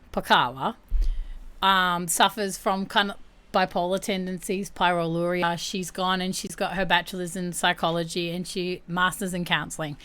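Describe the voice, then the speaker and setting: A woman's voice: lowish voice, fairly bright tone, smooth. A young woman hosting a casual livestream chat, candid and chatty, laughing often. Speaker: livestream host.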